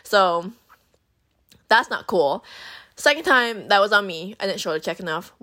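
A young woman vlogger tells a story to the camera in a medium-pitched, slightly slow voice. She's animated and chatty, swearing freely and packing her talk with fillers.

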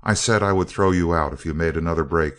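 A man reading as a cold, calm scientist villain. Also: low-pitched, fast. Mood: coldly calm. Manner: cool, even and clipped. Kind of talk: audiobook character voice.

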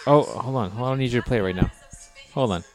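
A man's voice: mid-range voice, fast, soft background music. A man in his thirties hosting a podcast, chatting casually and ranting with plenty of swearing. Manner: profane, animated ranting. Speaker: podcast host. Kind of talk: casual chat.

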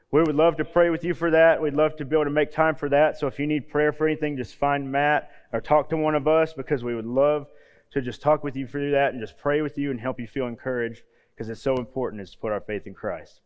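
A man in his thirties, a youth pastor, preaching a casual sermon with homey stories and quiet, low emphasis on key points. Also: clean tone. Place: church hall. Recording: long hall reverb.

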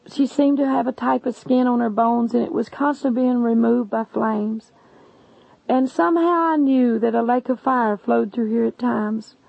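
Woman preacher, earnest testimony sermon, gravelly voice, dull lo-fi dry recording. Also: on the high side, no echo. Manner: earnest, addresses listeners as "my friend".

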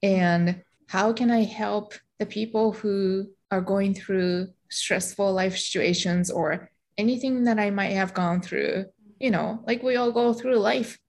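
A woman's voice: medium pitch, a little slow, few pauses, darkish tone. A middle-aged woman from Japan, speaking English as her second language with a Japanese accent, a guest in an interview, reflective, with many "like" fillers and light laughs. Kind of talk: interview conversation.

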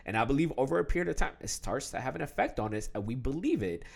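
A young man talking casually to the camera, animated, with many fillers, restarts and laughs. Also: mid-range voice, fast talker, creaky. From Ethiopian heritage, raised in the West.

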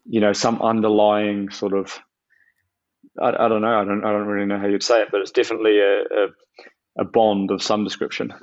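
New man, animated storytelling chat. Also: on the low side, brisk, muffled recording. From New Zealand. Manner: animated, storytelling, hesitant fillers. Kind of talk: casual chat.

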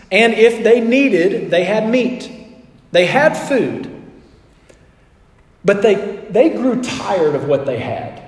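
Guy pastor preaching, talky, keeps asking the crowd stuff, lots of echo in a big hall. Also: high-pitched. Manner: conversational preaching, asks the audience questions, acts out quotes. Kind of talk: sermon.

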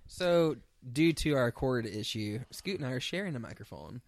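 A man's voice: mid-range voice, very animated, normal speed, no room sound. A man co-hosting a podcast, chatting casually and teasing playfully. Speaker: podcast co-host. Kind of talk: casual chat.

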